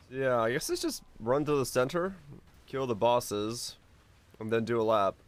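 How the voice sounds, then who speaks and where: A man's voice: mid-range voice, unhurried. A man streaming a game, chatting casually and humming to himself, his voice a little off today. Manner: relaxed, hums to himself, chuckles. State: voice a bit off today. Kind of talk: casual gameplay commentary.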